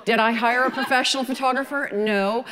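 A woman's voice: on the high side, a little fast. Folksy older Southern woman in a hall. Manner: folksy storytelling, animated asides. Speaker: photography speaker. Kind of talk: conference talk.

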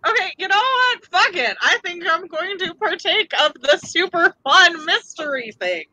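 A woman playing in a casual tabletop game, bubbly and quick to react with jokes. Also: very high voice, animated, bright, forceful tone, no echo, poor audio. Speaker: player. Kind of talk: casual tabletop role-play.

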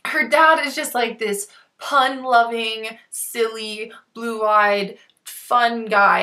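Young woman, high voice, chatty book review, rambly and teary. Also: fairly bright tone. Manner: emotional, rambling, tearful. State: near tears. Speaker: book vlogger.

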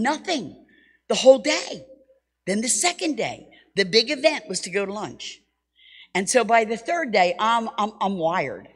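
Lively woman preacher in a reverberant hall. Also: on the low side. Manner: lively, self-mocking, animated storytelling. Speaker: Bible school teacher. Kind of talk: storytelling sermon. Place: church hall.

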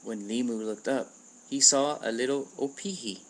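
A man reading a children's picture book aloud in plain, steady narration, recorded on a webcam. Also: medium pitch, moderate pace, slight background noise. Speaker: storybook reader.

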